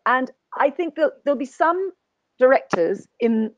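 A woman's voice: high voice, expressive, unhurried, dry recording, lo-fi sound. A woman guest actor speaking in a conversational webinar interview, thoughtful and anecdotal, often restarting her sentences. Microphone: video call.

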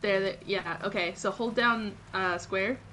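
A woman's voice: medium pitch, a little slow, sharp tone, faint music behind. A woman co-hosting a game stream, giggling often and giving the player directions in casual chat.

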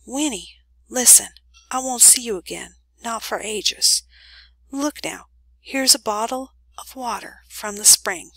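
Woman voicing young country man, hushed, hurried, earnest, bright tone. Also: on the high side, vocal fry, dry recording, voice pushed up, heavily acted, rough recording. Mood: pleading.

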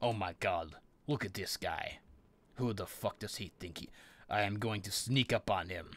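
A man's voice: deep voice, a little slow, pushed and bright. A man giving profane comedic commentary while playing a game, boasting like a mock villain and yelping at sudden scares. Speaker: let's play gamer.

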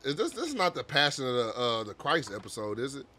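A man's voice: medium pitch, sing-song, fast, pushed and bright. A man giving casual, crude reaction commentary, joking and laughing often. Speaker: reaction video host.

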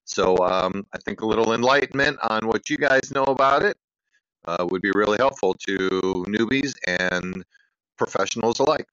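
Bright-toned male caller on dull voicemail. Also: on the low side, normal speed, clean tone, no room sound. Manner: chatty storyteller, many uhs. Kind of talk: recorded voicemail question.

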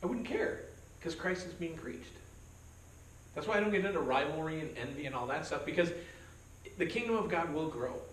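In a church meeting room, a pastor leads a conversational verse-by-verse Bible study, joking and acting out quoted voices. His voice is somewhat high and a bit bright, animated at a normal speed, with frequent pauses. The audio is roomy and distant, carrying slight, faint background noise.

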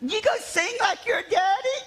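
A man voicing nagging little old grandmothers, shrill and prodding, inside a sermon. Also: normal speed, fairly bright tone. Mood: teasing.

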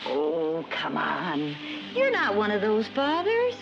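A woman's voice: medium pitch, huge pitch swings, takes it slowly, vocal fry, exaggerated voice. An actress playing a caring suburban wife and mother, speaking in a soothing, reassuring way in a 1950s sitcom. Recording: dull 1950s TV soundtrack with music.

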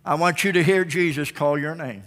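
A male pastor preaching an altar call, swinging between loud calls and soft pleading. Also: on the high side, normal speed, soft background music. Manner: calls out names loudly, then drops to soft pleading. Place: large church sanctuary. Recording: church broadcast with long reverb.

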